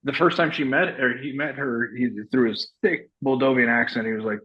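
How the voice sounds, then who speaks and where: A man's voice: mid-range voice, fairly even intonation, brisk, lo-fi sound. A middle-aged man, chatting as a guest in a casual interview and rambling through stories with lots of restarts and laughs. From Texas. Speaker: guest, actor and retired soldier.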